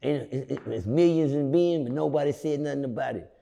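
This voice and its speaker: A man telling stories as an interview guest, getting loud, shouting and acting out the people in them. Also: mid-range voice, brisk, gravelly, long reverb tail. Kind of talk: animated storytelling.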